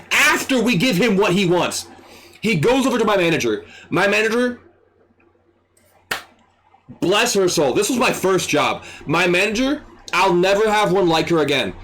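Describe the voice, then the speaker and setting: A young man telling a retail story in a casual, animated way, swearing freely and acting out the people in it. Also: high-pitched, moderate pace, long pauses. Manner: animated, excitable, swears freely, acts out quotes. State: dry throat. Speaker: streamer.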